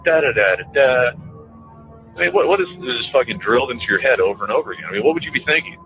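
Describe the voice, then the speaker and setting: A man's voice: mid-range voice, animated, racing. A man delivering an emphatic, profane, repetitive radio monologue, played back as a clip. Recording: tinny phone-like radio clip with faint music.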